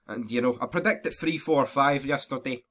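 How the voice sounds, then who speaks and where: A man's voice: medium pitch, moderate pace, a bit bright. Sweary Scottish guy with a sore throat. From Scotland. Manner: sweary, blunt, mocking. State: throat infection, stuffy nose. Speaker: football vlogger. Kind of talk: casual match review rant.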